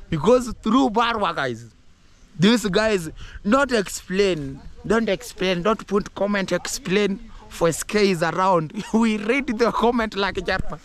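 A man with a Kenyan accent vlogging outdoors in a village, talking excitedly and rambling, mixing English and Swahili and laughing often. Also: high voice. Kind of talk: casual vlog talk to camera.

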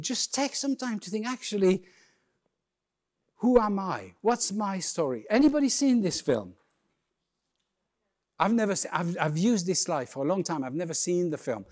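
A man's voice: sits high, a little mellow. A man giving a humorous, conversational keynote talk on a conference stage, full of playful asides. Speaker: keynote speaker.

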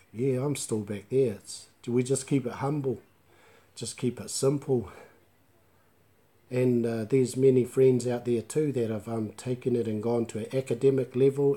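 Easygoing New man teaching Māori. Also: mid-range voice. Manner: mixes Māori words into relaxed chatty English; laughs easily and jokes with viewers. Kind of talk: live online language class.

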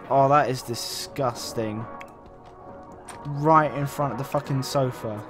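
A young man casually commentating his gameplay, swearing a lot, getting excited and reading game options aloud. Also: medium pitch, takes it slowly, pauses often, over music. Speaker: let's play host.

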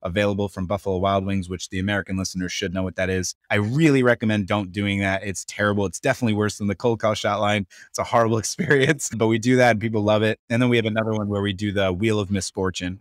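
A man guest from Florida on a podcast interview, telling a story in an upbeat, animated way. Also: lowish voice, dry recording, clean studio sound. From Tampa Bay, Florida. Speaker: guest entrepreneur.

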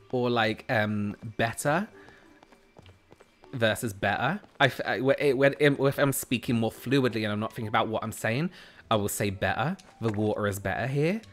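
A man's voice: medium pitch, normal speed, fairly bright tone. A man with a southern English accent, chatting casually with his livestream audience, full of restarts and giggles. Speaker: gaming streamer reading chat.

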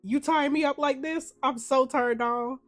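A woman's voice: high-pitched, steady tone, a little slow, soft background music. A woman reading as a sly teasing heroine. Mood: sultry.

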